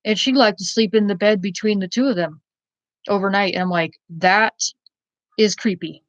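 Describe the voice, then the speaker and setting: A woman's voice: mid-range voice, brisk, no echo. A woman in her forties telling a personal story in a candid, rambling way, full of fillers and restarts. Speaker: vlogger. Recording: dull lo-fi sound, dry.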